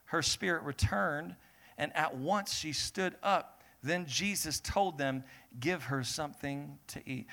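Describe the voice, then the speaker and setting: Male pastor preaching with energy, slightly high and bright voice, builds to emphatic peaks. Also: expressive, unhurried. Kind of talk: sermon reading scripture with commentary. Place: church service with congregation.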